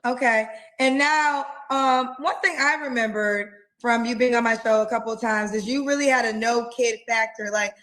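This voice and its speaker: A woman's voice: fairly high pitch, normal speed, hardly any pauses, a bit bright, rough recording. A woman who hosts a dating show and presses a guest with probing questions. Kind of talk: live show interview.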